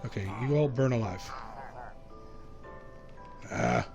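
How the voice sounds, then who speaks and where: A young man giving casual gameplay commentary, talking quickly and nervously to himself as he plays. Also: medium pitch, wildly swooping pitch, creaky, music in the background. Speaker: gaming YouTuber.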